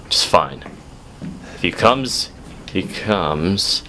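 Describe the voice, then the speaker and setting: A man playing a horror game for his viewers, his pitch leaping wildly as he shifts from unhurried muttering to startled yelps and shouts. His delivery is slow and drawn out between frights. A clear hum of noise sits under his voice. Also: expressive. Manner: talks to viewers, swings from muttering to yelping shouts. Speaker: let's play gamer.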